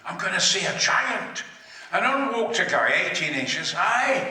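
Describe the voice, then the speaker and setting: Booming sweary older man in a hall. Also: sing-song, a little slow, sharp tone. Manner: booming, sweary, theatrical storyteller. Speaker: panel guest at a fan convention. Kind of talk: bawdy anecdote-telling on stage. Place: large convention hall. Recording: echoey hall recorded from far off.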